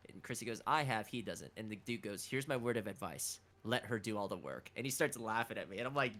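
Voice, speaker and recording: Lively, bright-voiced talkative man. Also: lowish voice, fast, a little hiss or hum. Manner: talkative storyteller, lively acted quotes. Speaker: guide and fellow voice actor. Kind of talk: casual livestream chat.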